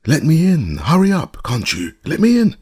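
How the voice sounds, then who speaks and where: A man voicing a small, vain, saucy glass cat who talks in a shrill, scornful way. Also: wildly swooping pitch, moderate pace, darkish tone, husky, dry recording, clean studio sound, exaggerated voice. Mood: demanding.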